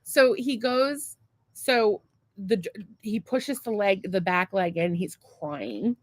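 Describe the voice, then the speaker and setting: Woman, podcast co-host, animated storyteller, frequent laughter, casual swearing, dry room. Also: mid-range voice, slow pace, no echo.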